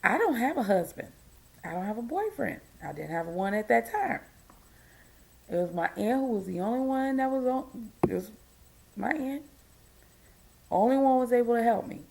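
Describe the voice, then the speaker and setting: A woman's voice: on the high side, animated, normal speed, creaky, long pauses, darkish tone. A tired middle-aged woman, a single mom, ranting to her viewers in an exasperated, emphatic way. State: tired, yawning. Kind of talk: casual ranting vlog.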